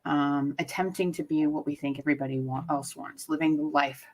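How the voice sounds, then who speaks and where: A chatty woman in her thirties hosts an online poetry open mic from home, her voice fairly low. She reads poems and talks between them over a video call. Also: steady tone, fairly quick, poor audio. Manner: chatty, laughs often. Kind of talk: casual hosting and poetry reading.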